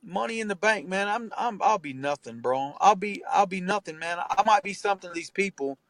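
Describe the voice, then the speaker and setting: A man's voice: sits high, lively intonation, fairly quick, fairly bright tone, dry recording, rough recording. A man talking as a rapper and tattoo artist in an interview, earnest and emphatic, swearing freely and ending phrases with "man" and "bro". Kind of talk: candid interview talk.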